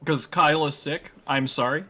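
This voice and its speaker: A man's voice: on the high side, steady tone, normal speed, pushed and bright, faint music behind. A man playing a tabletop game, cracking jokes in casual chat. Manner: joking. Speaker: player.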